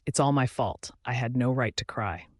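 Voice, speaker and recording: A man's voice: mid-range voice, normal speed, dry recording, studio quality, lightly acted. A man voicing a distraught young she-wolf. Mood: despairing.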